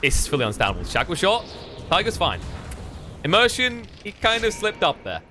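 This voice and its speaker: A man casting a live video game match with rapid, excitable play-by-play. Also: sits high, faint music behind. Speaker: esports caster.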